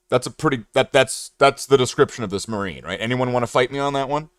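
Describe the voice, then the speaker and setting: A man's voice: mid-range voice, quick pace, few pauses, a bit bright, smooth, dry recording, studio quality. A man from Canada hosting a casual livestream, rambling and joking with chat while he paints miniatures. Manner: rambling, jokey, talks to chat. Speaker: streamer.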